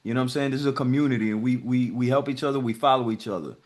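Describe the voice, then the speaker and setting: A man's voice: mid-range voice, racing. A man hosting a group video call, giving casual motivational talk in a profane, emphatic way.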